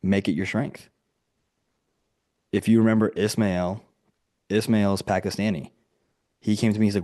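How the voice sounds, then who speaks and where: Guy w a lowish voice coaching folks on a video call, chatty, says like a lot. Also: little pitch movement, moderate pace, pauses often, mellow. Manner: casual and conversational, full of "like" and quoted dialogue.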